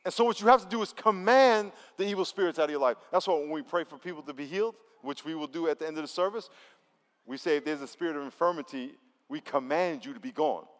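Man, pastor, emphatic conversational sermon, slightly high voice, long hall reverb. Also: fast talker. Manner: emphatic, conversational preaching with call-and-response. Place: church service.

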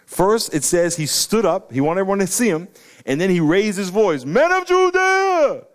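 A middle-aged man, preaching an animated sermon that breaks into loud emphatic bursts. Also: sits high, normal speed. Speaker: pastor.

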